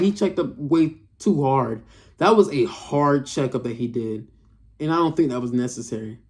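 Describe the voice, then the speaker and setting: Young male reviewer, frustrated off-the-cuff rant full of slang and swearing. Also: mid-range voice. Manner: frustrated, slangy, profane, repeats himself. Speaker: race reviewer. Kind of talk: casual rant to camera.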